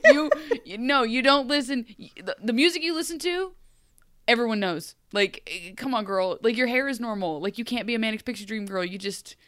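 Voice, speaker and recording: A woman's voice: a little high, animated, a bit bright, clean tone, dry recording, clean studio sound. A woman co-hosting a podcast, chatting casually about a TV episode with wry, mocking jokes. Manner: wry, joking, quick to mock. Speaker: podcast co-host. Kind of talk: casual TV recap chat.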